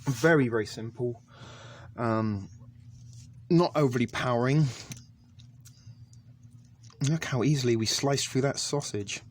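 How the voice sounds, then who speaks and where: Pausing often and keeping a measured pace, a man in a mid-range voice reviews a ration pack on camera. A little hiss or hum sits under his hesitant, chatty talk, which is full of ums, in a casual food review vlog.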